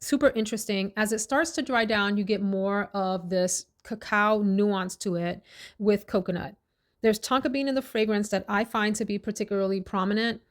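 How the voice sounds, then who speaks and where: A woman chatting casually in a fragrance review vlog, enthusiastic and talkative, dwelling on each scent note. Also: mid-range voice. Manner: chatty, enthusiastic, lists scent notes slowly.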